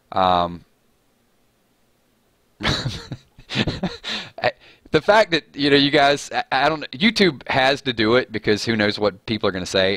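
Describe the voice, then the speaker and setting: A man's voice: fairly low pitch, bright, forceful tone, no echo. A man hosting a casual live chat stream, rambling and laughing at his own jokes.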